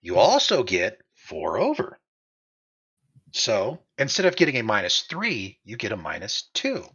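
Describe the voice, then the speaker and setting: A man running a tabletop game as game master on a live stream, goofy and animated, laughing often, on a slightly dull mic. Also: fairly low pitch, unhurried, breathy edge.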